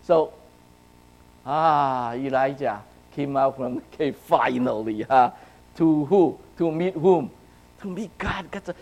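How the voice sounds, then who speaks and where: A man's voice: mid-range voice, slow, darkish tone, poor audio. A man preaching a sermon to his congregation in a conversational way, often checking in with "right?" and "okay?". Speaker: pastor. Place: church, speaking to a congregation.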